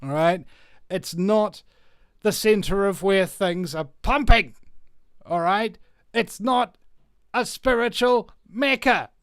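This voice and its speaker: A fairly high-voiced man with a New Zealand accent holds forth on his own show in a rambling monologue. He stumbles over restarts and swings between loud bursts and quiet muttering. The sound is dry and close, with no room around it. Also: takes it slowly, smooth, dry recording. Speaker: talk show host. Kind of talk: animated monologue.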